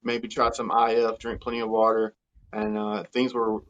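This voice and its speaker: A man coaching on health in a live question-and-answer chat, talking in a halting way with many fillers and restarts. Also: fairly low pitch, monotone, a bit bright, dull audio.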